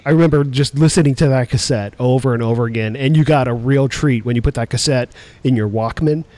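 Man, 40s, podcast co-host, mid-range voice, nostalgic, animated, dry recording. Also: mid-range voice, fast talker, dry recording. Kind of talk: casual chat.

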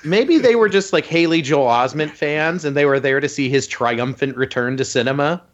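A male podcast co-host tells stories in casual chat, animatedly acting out the voices of the people he quotes. His voice is on the high side and moves at a moderate pace. The sound is dull and lo-fi.

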